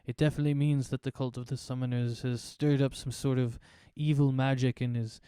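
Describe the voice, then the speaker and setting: A man puts on a hotheaded old soldier turned town mayor, formal and commanding. The voice is mellow and smooth, recorded dry and close. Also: mid-range voice, flat delivery, fairly quick, dry recording, lightly acted. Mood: grave. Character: hotheaded former warrior, male town mayor. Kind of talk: tabletop role-play voicing.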